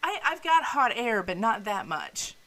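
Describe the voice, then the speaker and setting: A woman co-hosting a podcast, telling stories in a casual, animated way, sarcastic and full of swearing. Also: fairly high pitch, measured pace. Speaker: podcast co-host. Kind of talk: casual storytelling chat.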